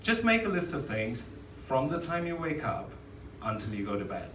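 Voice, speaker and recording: Brief: a man playing a relaxed young British bloke, helpful, laid-back tone, distant live stage sound. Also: medium pitch, moderate pace, a little hiss or hum. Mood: reassuring. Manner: casual, reassuring. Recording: echoey live room from a distance, loud crowd.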